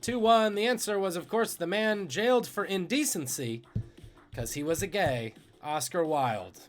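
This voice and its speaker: Male trivia host, jokey and animated, slightly high voice, faint music underneath. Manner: jokey, animated, swings between loud and muttered asides. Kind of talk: live-streamed trivia hosting.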